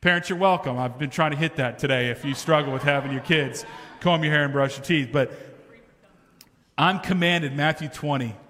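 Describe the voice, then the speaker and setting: A pastor preaching in a church sanctuary, his high, bright voice ringing through a long hall reverb. He talks to the room in a conversational way and pushes his points with rising emphasis. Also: moderate pace. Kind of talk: sermon.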